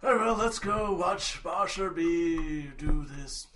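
A man's voice: sits high, takes it slowly, a bit bright, distant mic. A man playing a tabletop role-playing game, chiming in with remarks. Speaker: player. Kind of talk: tabletop role-play banter.

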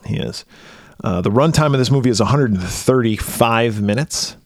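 Guy chatting movies on a podcast, mid pitch, dry close sound, laughs a lot. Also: normal speed, no room sound. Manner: reads off film trivia, laughs often. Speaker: podcast co-host. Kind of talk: casual movie chat.

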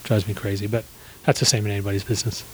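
A man in his sixties, a podcast guest, telling stories about his early business days in a relaxed, rambling way with plenty of fillers and restarts. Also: fairly low pitch, racing, a little hiss or hum, low-quality recording. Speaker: guest, small business owner. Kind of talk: casual storytelling interview.

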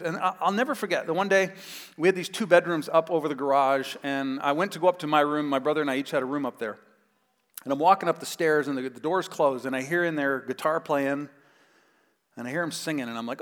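Animated man preaching a sermon. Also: on the high side, a little fast. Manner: animated storytelling, acts out quotes with a raised voice. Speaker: pastor. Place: church sanctuary. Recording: long hall reverb.

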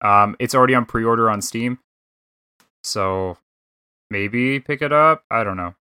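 A man with a Canadian accent hosting a casual gaming chat, rambling, swearing freely and thinking out loud. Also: medium pitch, measured pace, clear, resonant tone, no room sound, clean studio sound. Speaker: podcast host.

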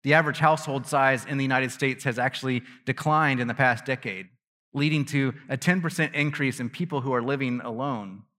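A man's quick, sharp, medium-pitched voice delivers a pastor's sermon to his congregation. The tone stays conversational and self-deprecating, with lots of laughter and phrases begun over. The recording has the long reverb of a large hall.

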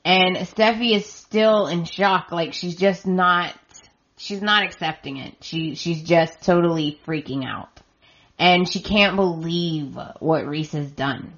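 A woman with a lowish voice, chatting through a soap opera recap at an unhurried pace. She keeps slipping into "she's like" as she retells each scene. The recording sounds dull and lo-fi. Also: fairly bright tone. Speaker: podcast host.

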